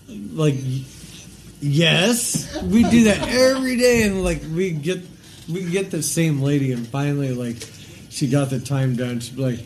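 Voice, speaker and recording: A man with a slightly high voice co-hosts a loose chat and tells a joking story. A faint hiss of noise sits under the recording. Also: measured pace. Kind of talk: casual chat.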